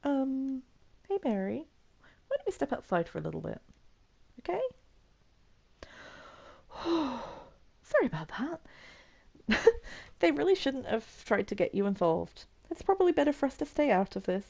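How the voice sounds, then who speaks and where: A woman reading aloud as a calm, gentle club president girl who talks softly and soothingly. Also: high-pitched, a little slow, gravelly, long pauses, heavily acted. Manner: soft, soothing.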